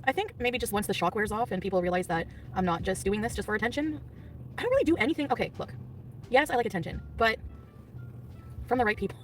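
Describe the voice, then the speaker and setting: A woman's voice: mid-range voice, distant mic. A woman vlogger in casual, rambling chat with her viewers, often giggling, recorded on a phone.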